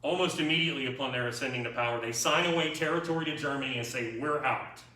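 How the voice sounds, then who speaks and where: Rapid-fire and sharp-toned, a man with a mid-range voice delivers a casual, wry history lecture to his class and keeps checking in with the students. The mic sits far off in an echoey room.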